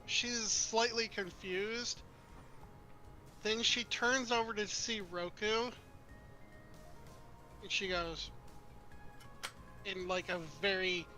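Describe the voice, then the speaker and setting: Slow high-voiced man running a game. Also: steady tone, sharp tone, faint music behind. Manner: slow, deliberate narration with pauses. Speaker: game master. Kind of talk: narrating a tabletop game.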